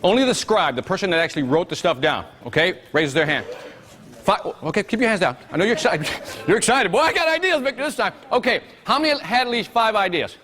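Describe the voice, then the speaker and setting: A man's voice: high voice, sing-song, fast talker, a bit bright. A man running a live interactive business workshop, energetically quizzing his audience. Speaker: workshop trainer.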